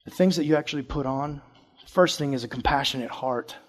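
A young man giving a casual, joking youth sermon, chatty with sudden loud bursts. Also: mid-range voice, brisk. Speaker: youth pastor.

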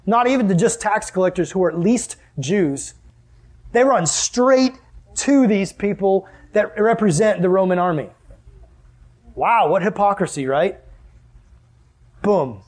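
A young man preaching a sermon as a youth pastor, animated, acting out scenes and asking the audience questions. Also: sits high, a little slow, long pauses. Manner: animated, acts out scenes with sudden exclamations and laughs.

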